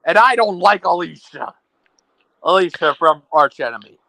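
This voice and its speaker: A man's voice: high-pitched, animated, normal speed, vocal fry, bright, forceful tone, no room sound, rough recording. A man in casual podcast chat, arguing his point, restarting sentences and throwing playful insults. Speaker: podcast co-host. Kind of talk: casual chat about metal bands.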